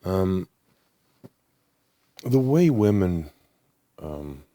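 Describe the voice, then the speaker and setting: A man with a low, deep voice talks at an unhurried crawl, pausing often and restarting his sentences. The sound is dry and close, with no room around it. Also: very animated, mellow, no echo. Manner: slow, halting, many ums and restarts. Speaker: channel host. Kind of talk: unscripted monologue to camera.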